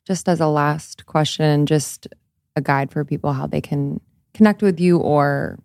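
A woman's voice: deep voice, steady tone, a little slow, vocal fry, a little mellow, no room sound, studio quality. A woman co-hosting a podcast, asking questions in an encouraging, casual way. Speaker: podcast co-host.

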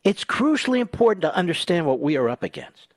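Here a radio talk show host goes on a biting, confrontational tirade, flipping from loud bursts to hushed side remarks. He speaks fast in a sing-song way, with no room sound at all.

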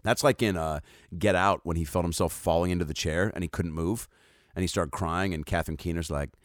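A man's voice: low-pitched, brisk, dry recording, clean studio sound. A man hosting a comedy podcast, reading news articles aloud and riffing on them with loose jokes and swearing. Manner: joking, loose, swearing, lots of fillers and asides.

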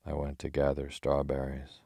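A man's voice: very deep voice, completely flat delivery, vocal fry, dark tone, no echo, clean studio sound, exaggerated voice. A man voicing a bold, cheerful outlaw who jests in old-fashioned speech, in an audiobook reading. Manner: archaic speech, measured, teasing.

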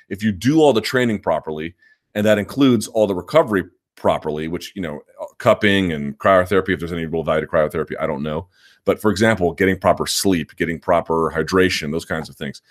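Deep-voiced and casually opinionated, a man runs a live chat and fields questions from viewers. His answers ramble with easy confidence, and he often breaks off to start a sentence over.

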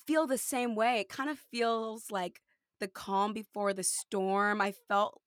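This podcast host, a young adult woman, has a medium-pitched, steady voice at a measured pace, slightly bright, in clean studio sound without echo. Her casual chat is filled with fillers and laughter.

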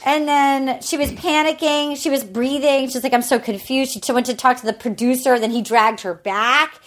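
A high-pitched woman in casual podcast chat. She recaps a dating show scene by scene and plays out each line of dialogue herself. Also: fairly even intonation, moderate pace. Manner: retells scenes by acting out both sides of the dialogue. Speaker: podcast co-host.

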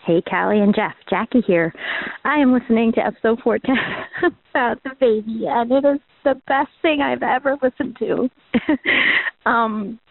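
A woman's voice: a little high, normal speed, gravelly, no echo. A woman leaving a gushing, giggly voicemail for the hosts. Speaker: voicemail caller. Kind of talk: voicemail message. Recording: dry phone-line voicemail.

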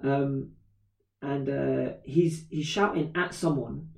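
A man in his thirties, a podcast co-host, telling a story in casual chat, animated and swearing freely. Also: medium pitch, slow pace, gravelly. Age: 30s. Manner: animated, swears freely, acts out quoted voices. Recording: roomy echo, distant from mic.

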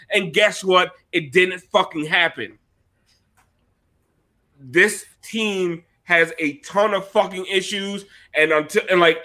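High, bright-voiced man ranting. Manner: profane, heated, exasperated. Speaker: host. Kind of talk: post-game rant.

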